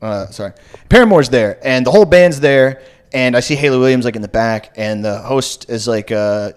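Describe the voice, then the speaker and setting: A man on a comedy podcast, telling a long story in a loose, rambling way. He swears often and fills his speech with "like", and his voice sits at an ordinary middle pitch for a man. He sounds like he is talking into a studio mic. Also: expressive, normal speed, clean tone. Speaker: podcast host. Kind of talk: casual comedy podcast chat.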